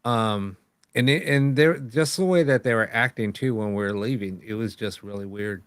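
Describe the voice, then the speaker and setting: A man's voice: fairly low pitch, normal speed, clear, resonant tone, dry recording, studio quality. A man hosting a live paranormal show, telling a long story in casual chat, rambling with many fillers and acting out quoted lines.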